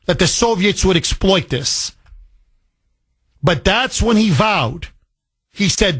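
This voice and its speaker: A man's voice: high-pitched, lively intonation, takes it slowly, pauses often, a bit bright, slightly rough, no echo. A man hosting a call-in political talk radio show, talking emphatically with repeated phrases and rambling asides.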